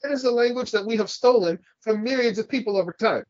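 Man, podcast co-host, husky, profane ranting, dry dull lo-fi recording. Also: high voice, fast talker, a little mellow, no room sound. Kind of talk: casual podcast chat.

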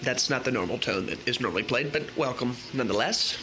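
A man's voice: medium pitch, very animated, normal speed, hardly any pauses, pushed and bright, soft background music. A man hosting a casual fishing vlog in a playful, jokey way. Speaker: fishing show host.

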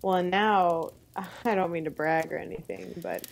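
A woman's voice: fairly low pitch, fairly even intonation, moderate pace, gravelly, slight background noise. A woman co-hosting a podcast, telling rambling stories in casual chat, mocking herself and laughing often. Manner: rambling storyteller, self-deprecating, laughs often. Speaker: podcast co-host.

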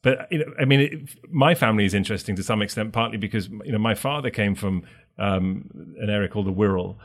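English man, bbc english accent, fast talker, casual chat, explains things with restarts. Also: lowish voice. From England. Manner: chatty, explanatory, rambling with restarts.

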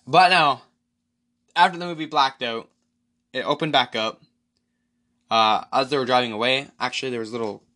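Man, solo podcast host, bright tense voice, foul-mouthed, excitable, casual rambling. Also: medium pitch. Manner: profane, excitable movie recap.

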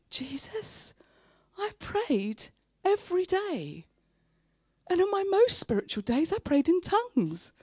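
A woman, preaching a sermon in an earnest, heartfelt way and pausing between phrases. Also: sits high, a little mellow, no room sound, studio quality. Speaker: pastor. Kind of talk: sermon with personal story.

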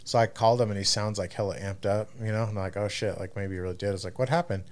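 A man co-hosting a podcast, casually telling a profane story in a relaxed, animated way. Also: on the low side, rapid-fire. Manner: laid-back, profane, animated retelling. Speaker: podcast co-host.

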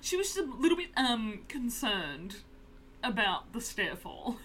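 Woman podcast co-host, bright and lively, an upbeat, giggly sidekick. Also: on the high side, a little slow, slight background noise. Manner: enthusiastic, giggly agreement. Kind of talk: casual chat.

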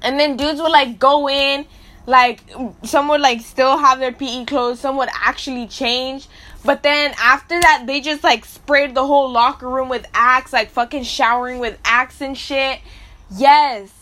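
A woman's voice: high voice, fairly even intonation, a little slow, pushed and bright. A young adult woman hosting a casual storytelling podcast, blunt and crude, full of slang and swearing as she talks straight to her listeners. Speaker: podcast host.

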